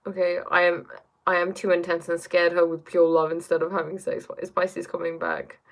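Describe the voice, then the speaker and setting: Woman chatting on a livestream from her bedroom, kinda low voice, thinks out loud, lots of "right?". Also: normal speed. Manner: musing, reflective, often asking "right?". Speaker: livestream host reading chat. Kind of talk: casual live-stream chat.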